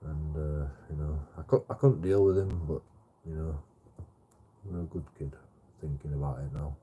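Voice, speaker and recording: A man's voice: very deep voice, moderate pace, dark tone, breathy edge, muffled recording. A man telling a rambling story on a livestream, swearing heavily and repeating himself.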